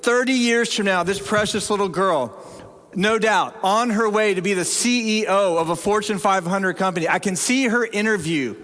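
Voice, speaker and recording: Male pastor, high voice, humorous self-mocking sermon, long church reverb. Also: normal speed, fairly bright tone. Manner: humorous, self-deprecating storytelling. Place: church sanctuary.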